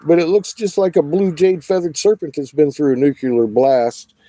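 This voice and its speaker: A middle-aged man rambling excitedly and profanely in a casual monologue, showing off rocks from inside an RV. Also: a little high, normal speed, dry recording.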